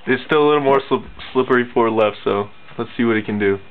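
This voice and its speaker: A woman at home coaxing her nervous dog across a slippery floor, with high sing-song encouragement and lots of repetition. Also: fast. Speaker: dog owner filming her pet. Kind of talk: casual home video, coaxing a pet. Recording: tinny lo-fi phone-like audio with loud music.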